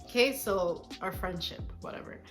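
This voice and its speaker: A young woman chats straight to her viewers, candid and a little sassy as she tells her story. Soft music plays faintly underneath her voice. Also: lowish voice, moderate pace. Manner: chatty and candid, with a petty, sassy streak. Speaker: vlogger. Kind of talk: casual storytime chat.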